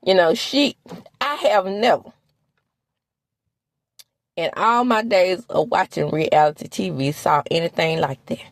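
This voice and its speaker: A woman from the American South with a Southern accent, recapping reality TV in sassy, animated casual commentary. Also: measured pace, long pauses, no room sound. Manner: sassy, animated, with laughs and sudden high exclamations.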